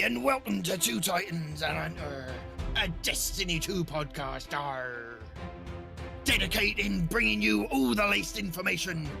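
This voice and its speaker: A man voicing a blustering male pirate captain, hamming it up with drawn-out, growling lines as he opens a podcast. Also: sits high, vocal fry, voice pushed up, heavily acted. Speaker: podcast host.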